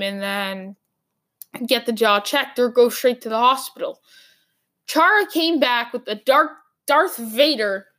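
Higher-voiced woman rambling through sports talk. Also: fairly bright tone. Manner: rambling, thinking aloud with fillers and restarts. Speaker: sports podcast host. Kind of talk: casual sports commentary.

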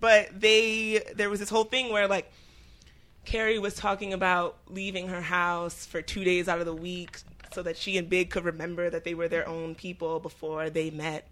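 A woman's voice: lowish voice, little pitch movement, moderate pace, fairly bright tone. A woman in her twenties co-hosting a podcast, speaking bluntly and with strong opinions. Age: 20s. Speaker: podcast co-host. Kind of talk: casual chat.

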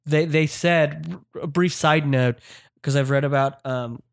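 A man's voice: on the high side, fairly even intonation, a little slow, vocal fry, no room sound, studio quality. A man co-hosting a podcast, casually and eagerly recapping a comic story. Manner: enthusiastic, recaps scenes. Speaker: podcast co-host. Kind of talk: casual chat about a comic.

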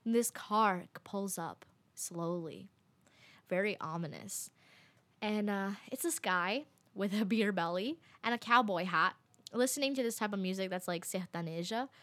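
A young woman telling a travel story to her viewers in a casual, animated way, full of fillers and little laughs. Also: medium pitch, measured pace, no room sound. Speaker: vlogger.

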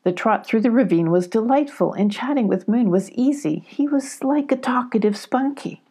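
A woman narrating a children's storybook aloud in a gentle, even storytelling manner. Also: fairly high pitch, moderate pace. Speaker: audiobook narrator.

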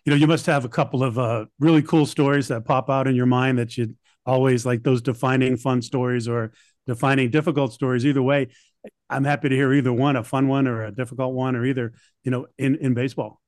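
A man's voice: medium pitch, level tone, brisk, darkish tone, no room sound. Enthusiastic male podcast co-host, dry sound. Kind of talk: interview questions.

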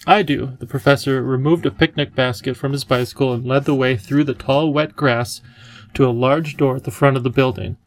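A man reading an audiobook chapter as narrator, in steady, measured storytelling. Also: medium pitch, poor audio. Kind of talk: scripted narration.

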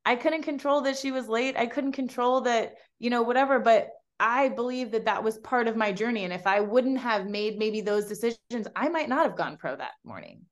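A young adult woman, a podcast guest, telling a personal story in casual chat with lively voiced quotes. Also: on the high side, normal speed, hardly any pauses. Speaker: guest, pro bikini competitor.

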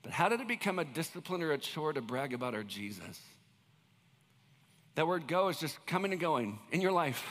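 High, bright-voiced preaching man. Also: big pitch swings, brisk, long reverb tail. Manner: conversational, jokey preaching, swinging between loud bursts and quiet asides. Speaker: pastor. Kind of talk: sermon.

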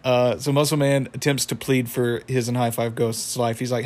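A young man talks through a cartoon plot in a loose, rambling way, stopping to correct himself and chuckle. His voice stays flat, with little rise or fall, at a middle pitch. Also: moderate pace. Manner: rambling, self-correcting, chuckles, acts out quotes. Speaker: cartoon episode recapper. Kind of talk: casual retelling with impressions.

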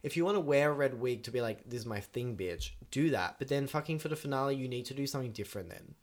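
A man's voice: medium pitch, rapid-fire. Frank, chatty man. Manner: frank, chatty and opinionated, swears freely. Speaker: podcast co-host. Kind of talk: casual chat.

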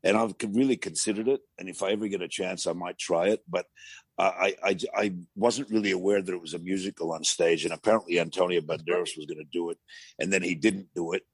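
A man with a gravelly voice, a talk show guest telling rambling anecdotes with many restarts. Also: low voice, fairly even intonation, fast talker, no room sound. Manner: rambling storyteller with frequent restarts.

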